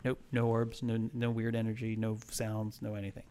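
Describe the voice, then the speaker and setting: A man's voice: fairly low pitch, completely flat delivery, moderate pace, mellow, smooth. A man in casual chat, telling a ghost story in a rambling way, full of fillers and restarts.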